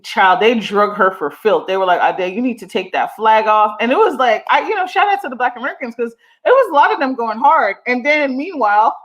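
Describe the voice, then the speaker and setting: A woman's voice: a little high, sing-song, a little fast, few pauses, fairly bright tone. A woman from Jamaica, hosting a casual livestream, talking frankly and animatedly, often laughing and swearing. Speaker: livestream host.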